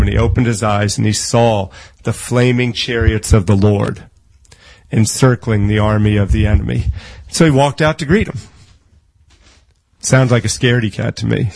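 Man preaching with animated storytelling. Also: medium pitch, gravelly, no echo, poor audio. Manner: animated storytelling, acting out quoted voices; quotes scripture in quick bursts. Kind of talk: sermon.

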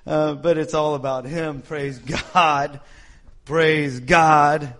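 A man's voice: a little high, steady tone, takes it slowly, fairly bright tone. A man preaching in a casual, joking, self-deprecating way to his congregation. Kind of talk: informal sermon talk.

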